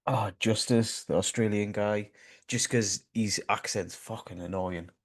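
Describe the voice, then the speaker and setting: A man, co-hosting a casual film chat, laid-back and halting. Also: on the low side, steady tone. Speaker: podcast co-host.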